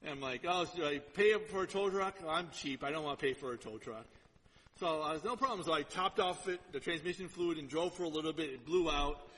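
A man in his fifties preaching a sermon, telling stories with lively acted-out quotes. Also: fairly high pitch, fairly quick, in a large hall, poor audio. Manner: lively storytelling, acts out quotes. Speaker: pastor.

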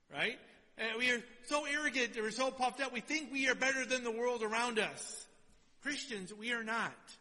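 A man preaching a sermon and reading scripture aloud, swinging between loud exhortation and quiet, low asides, in a church. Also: normal speed. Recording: long hall reverb.

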